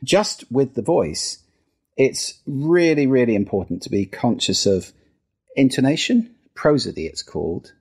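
A man's voice: sing-song, unhurried, darkish tone, husky. A middle-aged man from the UK, a guest on an interview show, explaining voice and listening with demonstrations. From United Kingdom. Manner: demonstrative, plays with pitch and register while explaining. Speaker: guest, sound and listening expert. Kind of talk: podcast interview.

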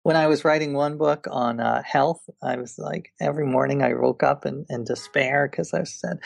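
A man's voice: on the high side, fairly even intonation, normal speed, gravelly, hardly any pauses, no room sound, clean studio sound. A man, an author and guest, talking in a casual interview, telling stories with enthusiasm and frequent restarts.

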